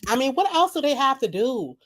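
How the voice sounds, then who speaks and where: A woman's voice: high-pitched, big pitch swings, fairly quick, a bit bright. A woman streaming live at night and making mocking, rambling, profane comments about a video while she laughs at her own jokes.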